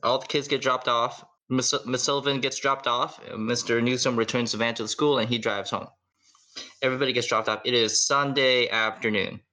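A man's voice: mid-range voice, fairly even intonation, a little fast, pushed and bright. A man narrating a tabletop role-playing game as its game master, loose and casual with lots of fillers.

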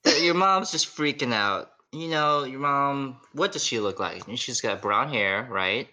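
A man's voice: medium pitch, expressive, measured pace, bright, forceful tone. A man narrating a tabletop role-playing game as its game master, loose and casual with lots of fillers.

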